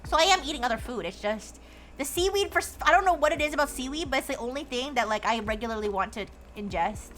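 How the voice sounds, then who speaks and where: A woman's voice: high voice, animated, fast talker, fairly bright tone, slight background noise. A woman streamer chatting casually while she plays, rambling with lots of restarts and fillers and joking in a playful robot persona. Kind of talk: casual chat while gaming.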